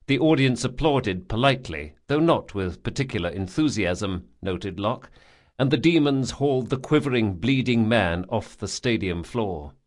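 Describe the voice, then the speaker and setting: A man narrating a fantasy audiobook in a measured, grave storytelling manner. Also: on the low side, lively intonation.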